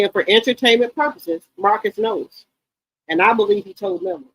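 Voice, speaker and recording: A woman in her late forties or fifties hosting a gossip channel, talking to her viewers in an animated, outspoken and profane way. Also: mid-range voice, normal speed, dry recording, low-quality recording. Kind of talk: casual commentary to viewers.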